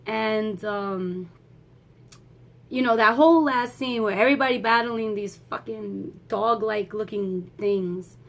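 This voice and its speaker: A young woman giving a rambling, excitable movie review, swearing freely and talking in a casual way. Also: mid-range voice, slow, vocal fry.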